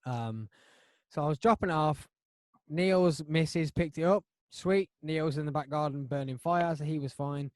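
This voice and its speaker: A man hosting a podcast, telling a story in a rambling, animated way with lots of restarts. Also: on the high side, normal speed. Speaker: podcast host. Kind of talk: casual chat.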